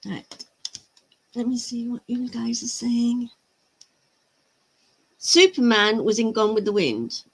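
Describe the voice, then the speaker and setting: A woman's voice: a little high, slow, long pauses, husky. A woman hosting a miniature-painting livestream, chatting casually, laughing easily and answering chat comments. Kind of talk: casual live-stream chat.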